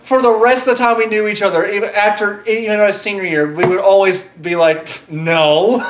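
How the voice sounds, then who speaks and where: A young man co-hosting a casual chat, telling school stories in an animated, laughing way. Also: high-pitched, fairly quick, noisy background. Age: young adult. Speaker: podcast co-host.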